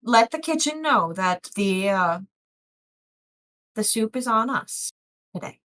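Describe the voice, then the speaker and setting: A woman voicing a haughty, wealthy woman who speaks slowly and patronizingly. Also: fairly high pitch, expressive, fairly bright tone. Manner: slow, patronizing.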